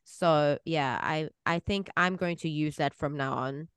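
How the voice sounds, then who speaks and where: Smooth low-voiced woman podcast host. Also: unhurried, no room sound. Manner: hesitant, restarts sentences. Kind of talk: casual podcast chat.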